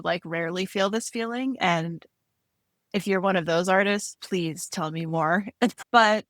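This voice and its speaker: A woman co-hosting a podcast about art, talking in a relaxed, reflective way with frequent fillers. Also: medium pitch, no room sound, clean studio sound. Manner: warm, reflective, lots of fillers and laughs. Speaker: podcast co-host. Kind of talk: casual chat.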